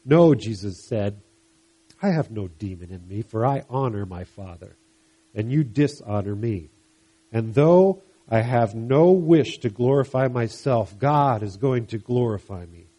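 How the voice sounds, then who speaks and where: Earnest preacher man, dark husky voice. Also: mid-range voice, lively intonation, unhurried. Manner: earnest, rising to emphatic bursts, stumbles and restarts. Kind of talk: sermon.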